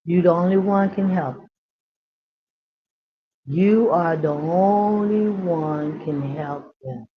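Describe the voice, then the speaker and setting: Slow, emphatic woman teaching. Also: fairly low pitch, highs cut off. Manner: repetitive, emphatic, preacher-like build-ups; casual colloquial grammar. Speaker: inner child healing speaker. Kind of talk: impassioned teaching monologue.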